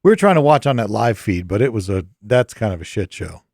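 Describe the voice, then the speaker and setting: A man's voice: on the low side, big pitch swings, fairly quick, darkish tone, no room sound, clean studio sound. A man co-hosting, easygoing, with short replies and casual asides. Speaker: podcast co-host. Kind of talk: casual studio chat.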